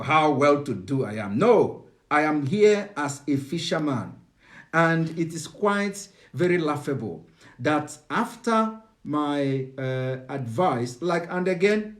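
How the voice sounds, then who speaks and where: Hesitant Nigerian man lecturing live. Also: on the high side. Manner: halting, many "uh" fillers and restarts, lecturing. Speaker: host of a live online broadcast. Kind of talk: unscripted live broadcast monologue.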